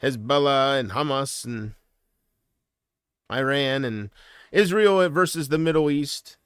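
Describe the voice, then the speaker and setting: A man's voice: medium pitch, slow, clean tone, no echo, clean studio sound. Rambling man streaming from home. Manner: rambling and hesitant, trailing off. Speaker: livestreamer. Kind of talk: casual livestream chat.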